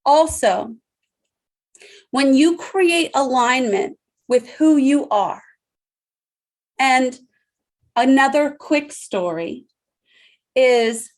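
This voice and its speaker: A woman in her thirties giving an emphatic motivational leadership talk to an online audience, with dramatic pauses. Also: sits high, animated, darkish tone. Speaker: leadership speaker.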